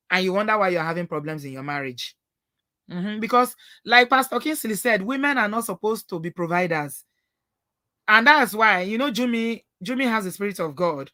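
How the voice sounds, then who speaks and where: A woman with a Nigerian accent hosting a live call-in talk show, telling stories in an animated, preachy way. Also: mid-range voice, dry recording, studio quality. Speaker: host.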